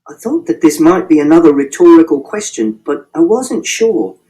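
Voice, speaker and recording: A man reading a first-person novel aloud, his voice pitched a little high and moving up and down very freely. He sets out each detail precisely and literally, in a matter-of-fact way. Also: animated, moderate pace, warm tone, low-quality recording. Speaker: audiobook narrator.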